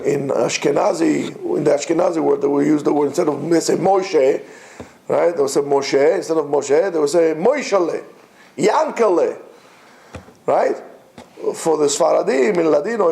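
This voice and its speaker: Gravelly-voiced male teacher, teasing. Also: fairly high pitch, warm tone. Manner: teasing, quizzes listeners, repeats words slowly. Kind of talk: classroom lecture. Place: classroom.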